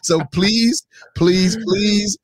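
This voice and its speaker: Male co-host, fairly high voice, dry close sound, loose joking delivery. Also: steady tone, extremely slow, no room sound. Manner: loose, joking, leads the segments. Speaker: podcast co-host. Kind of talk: casual comedic podcast chat.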